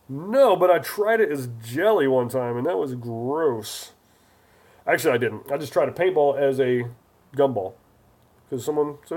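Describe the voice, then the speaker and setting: A man's voice: medium pitch, animated, moderate pace, darkish tone, slightly rough. A man hosting a casual live stream, chatty and jokey as he reads viewer comments aloud.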